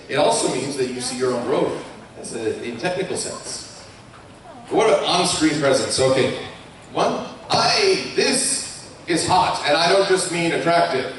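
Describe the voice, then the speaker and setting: Joking man in an echoey hall. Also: mid-range voice. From Colorado, USA. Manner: joking, chatty, self-mocking. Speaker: YouTuber speaking on a convention panel. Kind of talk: live convention panel talk. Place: large convention hall with an audience. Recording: echoey hall from far off, faint hiss.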